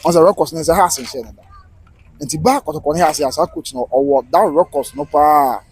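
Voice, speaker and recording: A Ghanaian man holds forth on a live stream, his fairly high voice a little husky. He rants in quick bursts, switching between Twi and English as he talks football. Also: darkish tone, poor audio. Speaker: livestream football commentator. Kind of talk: casual live commentary.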